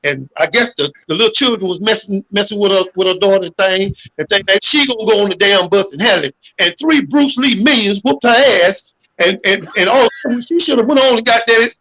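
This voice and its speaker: A man calling in to a livestream chat, talking in an animated, preachy way and swearing freely. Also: high voice, a little fast, poor audio. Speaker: guest caller.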